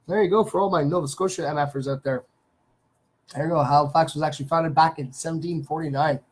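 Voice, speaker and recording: Husky-voiced man hosting a casual live stream. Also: fairly high pitch, fairly even intonation, quick pace, low-quality recording. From Canada. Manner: reads viewer names and greets them; rambling with many fillers. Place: small home studio.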